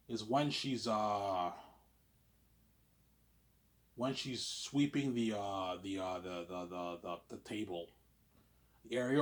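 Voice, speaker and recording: A man's voice: mid-range voice, fairly bright tone. A man speaks to camera in a loose, rambling monologue. He stutters through filler words and repeats himself often, with a middling voice and an everyday delivery. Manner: stammering, repeats words, keeps saying "obviously". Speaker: vlogger.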